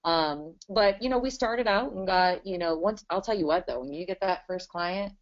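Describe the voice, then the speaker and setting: A woman's voice: fairly low pitch, moderate pace. A woman in her thirties, a business owner talking casually in a webinar interview and filling her talk with "you know". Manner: chatty, many "you know" fillers. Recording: dull lo-fi webinar audio.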